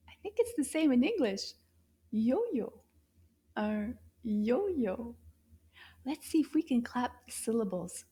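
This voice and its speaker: Teaching little kids a language lesson, this woman speaks in a slightly rough voice on the high side. She goes slowly and theatrically, often gasping and dropping into whispers.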